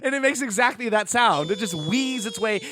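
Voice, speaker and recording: A man co-hosting a podcast, recapping a movie in casual chat as an animated storyteller who acts out the characters' lines. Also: high-pitched, normal speed. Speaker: podcast co-host.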